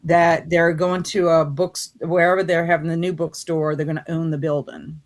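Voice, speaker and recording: A woman's voice: deep voice, little pitch movement, moderate pace. A woman from Louisiana, hosting a casual livestream from her home office, reading chat comments aloud and laughing often. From Louisiana, USA. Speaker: livestream host.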